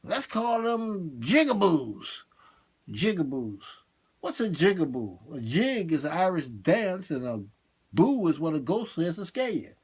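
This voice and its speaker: A man doing a comic monologue, swinging between high excited bursts and low muttered asides. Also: moderate pace, breathy edge. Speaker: stand-up comedian.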